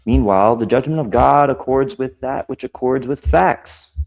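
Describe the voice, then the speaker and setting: A man explaining Bible passages in a casual study group, slowly repeating and restating his points. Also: mid-range voice, vocal fry, darkish tone. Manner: slow, repetitive explaining with restarts.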